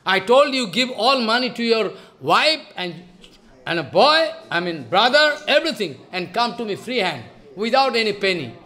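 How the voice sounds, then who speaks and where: Emphatic man giving a high, bright lecture. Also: big pitch swings, normal speed. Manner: emphatic, scolding, full of rhetorical questions. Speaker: spiritual teacher. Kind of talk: devotional lecture.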